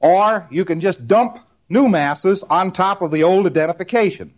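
A man's voice: high-pitched, moderate pace. A man giving a recorded lecture, rambling and repeating words in rhythmic runs, often ending on a tag question.

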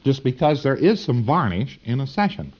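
A man's voice: mid-range voice, very animated, moderate pace, darkish tone, lo-fi sound. A man giving a lecture to students in a folksy, emphatic, digressive way.

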